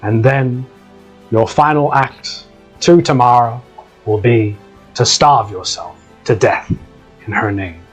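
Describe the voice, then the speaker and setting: A man voicing a stern, zealous male orc prison warden who speaks in a slow, solemn, menacing way. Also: medium pitch.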